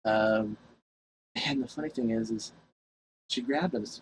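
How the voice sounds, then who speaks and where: Speaking to his own camera, a male vlogger tells a story in a loose, salty, rambling way, cursing and laughing at his own tale. His mid-range, medium-pitched voice moves at a moderate pace, and the audio is poor with light hiss behind it.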